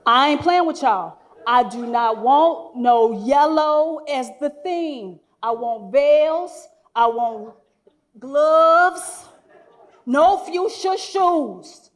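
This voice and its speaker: Lively high-voiced comedienne in her forties. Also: extremely slow. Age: 40s. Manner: animated storytelling, acts out quoted voices. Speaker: stand-up comedian. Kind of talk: stand-up comedy set. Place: live venue before guests.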